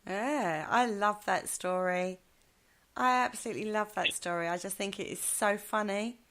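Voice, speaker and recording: A woman's voice: mid-range voice, moderate pace, fairly bright tone. A woman co-hosting a show in a casual chat. She talks with enthusiasm and laughs easily. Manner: enthusiastic, laughs often, chatty. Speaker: co-host.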